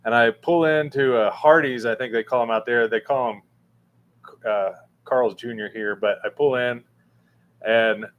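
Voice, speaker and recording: Casual livestream host, male, middle pitch, halting and rambling, lots of fillers. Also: lo-fi sound. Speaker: livestream host answering chat. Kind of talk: casual live chat. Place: room with a fan running.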